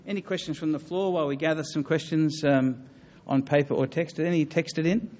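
Earnest, halting man lecturing. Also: fairly high pitch, steady tone, a little mellow, dull audio. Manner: earnest, halting, with many fillers and restarts. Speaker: lecturer on religion. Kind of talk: public talk with audience questions.

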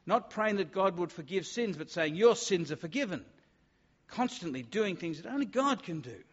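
A man preaches a sermon with emphatic delivery, now and then acting out the voices of doubters. His voice sits a little high. The sound is slightly dull and carries a long reverb from a large hall. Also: very animated, normal speed, breathy edge.

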